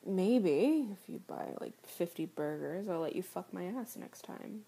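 A woman playing a crude, snarky fast-food worker. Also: on the low side, lively intonation, dark tone, full character voice. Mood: teasing. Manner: teasing, foul-mouthed and mocking; drops often into a breathy whisper. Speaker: voice actor. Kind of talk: adult audio role-play.

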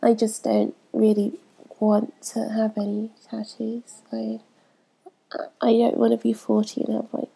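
A young woman talking in a casual, hesitant way, her voice congested from a cold. Her tone is very dark and husky with a gravelly fry, kept fairly high but flat in pitch. She fills pauses with ums as she works through a list of questions. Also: low-quality recording. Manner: hesitant, many ums, laughs between answers. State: stuffy from a cold. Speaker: vlogger answering a questionnaire. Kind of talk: casual chat.

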